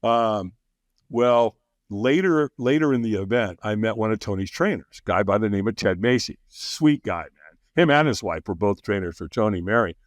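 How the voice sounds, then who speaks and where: A man telling stories as a guest on a podcast, animated and quick to laugh, often acting out what others said. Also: on the low side, no room sound, studio quality. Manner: animated, acts out quoted voices, laughs often. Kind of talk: casual interview storytelling.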